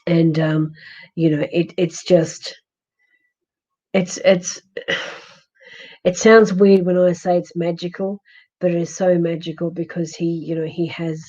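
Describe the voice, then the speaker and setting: A woman with an Australian accent, a husky voice and a fading, hoarse throat, gently consoling a viewer in a live-stream psychic reading with many restarts. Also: on the low side, little pitch movement, unhurried, pauses often, lo-fi sound. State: hoarse, losing her voice. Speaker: psychic medium.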